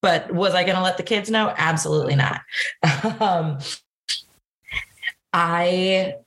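A Southern California woman in her twenties, a band director, tells stories in a casual interview with a lowish voice at a slow pace. She laughs often and brings her stories to life with acted quotes.

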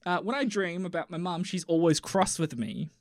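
A man in his thirties co-hosting a podcast in casual, joking chat, swinging between loud bursts and mumbles. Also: high-pitched, moderate pace, no echo, clean studio sound. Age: 30s. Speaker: podcast co-host.

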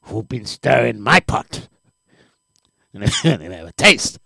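A man putting on the voice of a smug, leering male ex-partner stirring a pot of curry goat, in a low, taunting drawl that keeps slipping into laughter. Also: sing-song, takes it slowly, creaky, bright, forceful tone, slightly rough, no room sound, clean studio sound, exaggerated voice. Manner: teasing, boastful, breaks into laughter.

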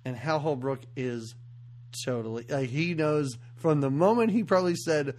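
A man's voice: on the high side, normal speed, darkish tone. A man co-hosting a podcast, casually recapping a horror film and laughing often. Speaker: podcast co-host. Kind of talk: casual movie recap chat.

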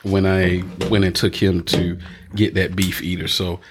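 A man's voice: low-pitched, little pitch movement, unhurried, noisy background. A man hosting a podcast in casual chat, rambling with many fillers and laughing often. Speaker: podcast host.

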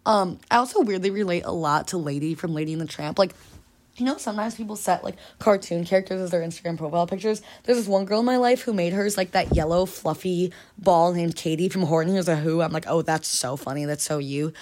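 Fast-talking young woman, rambling podcast chat. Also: on the low side, darkish tone. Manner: rambling, heavy use of filler "like". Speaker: podcast host. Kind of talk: casual chat.

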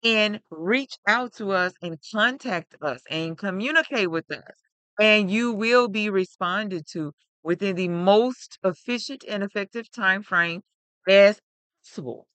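A woman's voice: medium pitch, unhurried, a bit bright, clean tone, no room sound. A woman co-hosting a podcast in casual, upbeat chat, laughing often and speaking with emphasis. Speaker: podcast co-host.

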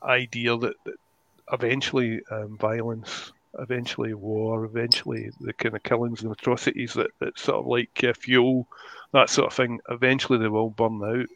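A man's voice: mid-range voice, little pitch movement, normal speed, gravelly, fairly bright tone, dull audio. A man who is a guest creator, talking in a rambling, casual way on a podcast and often searching for his words.

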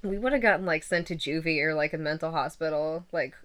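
Woman, twenties, casual interviewee; bright, slightly low voice, rambling with plenty of fillers. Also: quick pace. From western Pennsylvania. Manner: rambling, laughs often, many fillers. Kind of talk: casual chat.

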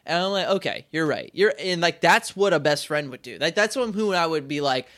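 A man's voice: a little high, lively intonation, fairly quick, fairly bright tone. A man in his twenties talking through a casual chat, rambling with many restarts and acting out quoted voices.

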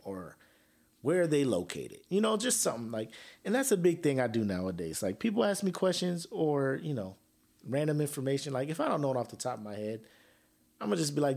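A man's voice: on the high side, sing-song, normal speed, gravelly, darkish tone. A man hosting a casual solo podcast, joking and trash-talking with frequent laughs. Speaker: podcast host.

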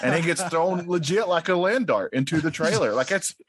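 Relaxed man in casual chat. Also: on the high side, breathy edge, dry recording. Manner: relaxed, drawn-out, frequent agreeing "yeah".

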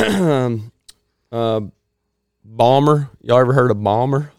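A man, hosting a casual chat in a rambling, folksy way and clearing his throat often. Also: medium pitch, lively intonation, takes it slowly, a little mellow, dry recording, studio quality.

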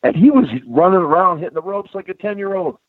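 An older man, a retired pro wrestler appearing as a guest, tells road stories in a casual interview with loose, animated energy, constantly dropping "bro" and "man." His high, fast voice comes through a thin, phone-like line, dry with no room sound around it.

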